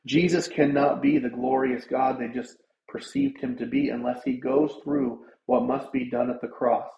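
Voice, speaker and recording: A man's voice: medium pitch, fairly even intonation, normal speed, creaky, a little hiss or hum. A man preaching a sermon with earnest, conversational emphasis, his voice lifting when he drives a point home. The room around him is echoey, and the sound is a bit dull and muffled. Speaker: pastor.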